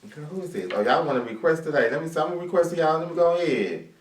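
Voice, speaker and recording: A man's voice: a little high, animated, rapid-fire. Sassy flamboyant man chatting on a live stream. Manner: flamboyant, sassy, calls everyone "girl". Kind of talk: casual live stream chat. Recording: echoey room, distant mic, faint hiss.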